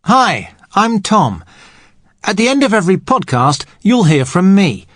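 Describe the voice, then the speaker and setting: A man teaching English on a podcast, explaining grammar patiently and clearly. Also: high voice, sing-song, measured pace, a bit bright, dry recording, studio quality. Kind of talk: explanatory language lesson.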